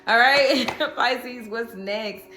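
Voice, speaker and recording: A woman's voice: a little high, very slow, sharp tone, echoey room, faint music behind. Chatty woman reading tarot cards. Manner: chatty, reassuring, with frequent "okay?". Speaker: tarot reader.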